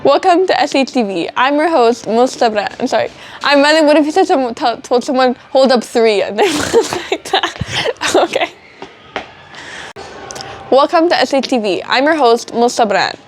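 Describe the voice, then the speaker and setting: A woman's voice: high voice, animated, fairly quick, a little hiss or hum. A teenage girl hosting a student school show, giggling and flustered as she keeps slipping on her lines in outtakes. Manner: giggly, flustered by slip-ups.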